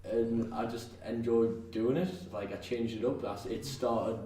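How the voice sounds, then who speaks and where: Faint music plays behind a North East English wrestler as he chats casually as a podcast guest. His voice is medium-pitched and dark with fairly even intonation and a measured pace, and he rambles with fillers, restarts and laughter. The mic is distant and echoey, with faint noise.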